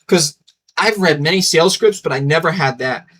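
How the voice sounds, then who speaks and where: A man's voice: fairly high pitch, moderate pace, a bit bright, slightly rough. A young man hosting a casual vlog, rambling enthusiastically and acting out bits of dialogue. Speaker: channel host. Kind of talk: casual talking-head vlog.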